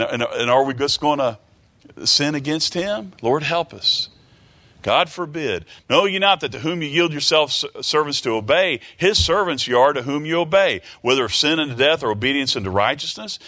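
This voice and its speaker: A man's voice: mid-range voice, sharp tone. A man preaching a sermon, reading scripture aloud and explaining it earnestly, often repeating words as he searches for the next phrase.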